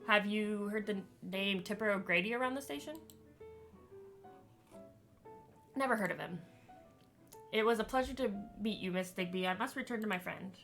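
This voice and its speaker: A woman's voice: mid-range voice, brisk, creaky, fairly bright tone, faint music behind. A woman reading the lines of a formal, flowery male ghost, a genteel old-fashioned writer. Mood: polite.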